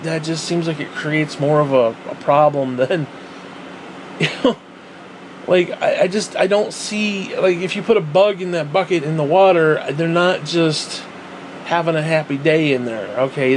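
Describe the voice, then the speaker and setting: A man's voice: on the high side, slight background noise. Profane, ranting man with a raised voice. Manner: profane, rambling, sarcastic. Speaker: vlogger. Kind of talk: ranting monologue.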